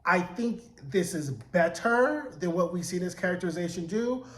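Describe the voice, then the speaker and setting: A man giving a chatty, animated recap of a TV episode, acting out the characters' lines. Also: sits high, normal speed. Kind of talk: casual recap commentary. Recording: echoey room.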